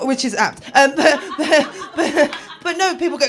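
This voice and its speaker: A woman's voice: fairly high pitch, expressive, quick pace. Wry woman doing stand-up. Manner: wry, dark, self-mocking storytelling with sudden loud bursts. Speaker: stand-up comedian. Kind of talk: stand-up comedy set.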